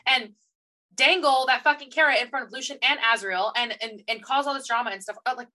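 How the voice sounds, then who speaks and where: A woman co-host tearing into a book in casual chat. Her voice sits a bit high and sounds bright and forceful. She rants with animated energy and slips into mocking character voices. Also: quick pace. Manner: animated, ranting, acts out characters in quotes. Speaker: podcast co-host.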